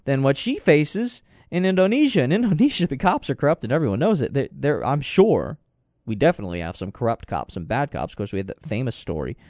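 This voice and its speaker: A man's voice: fairly low pitch, a little mellow, dry recording, studio quality. A man giving rambling, digressive commentary with sarcastic asides. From United States. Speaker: political commentator. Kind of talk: casual talk commentary.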